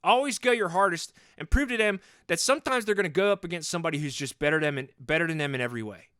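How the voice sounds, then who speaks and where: A man's voice: a little high, fast talker, fairly bright tone, clean tone, no echo, studio quality, close to an everyday voice. A man in his forties playing a hot-headed, overcompetitive sports dad in an improvised comedy podcast monologue, rambling and boastful and repeating himself. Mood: worked up. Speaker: podcast host in character.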